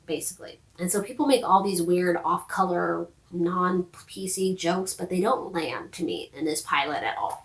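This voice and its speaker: A woman's voice: on the low side, echoey room, poor audio. A woman recapping and reviewing a TV show in a chatty, sarcastic vlog style. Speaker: TV review vlogger.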